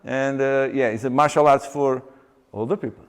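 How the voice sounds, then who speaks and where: A male exercise coach with a clean, mid-range voice gives a live seminar, animatedly acting out exchanges with clients. He stops and restarts sentences often, leaning on fillers, and the reverberant hall adds a long echo.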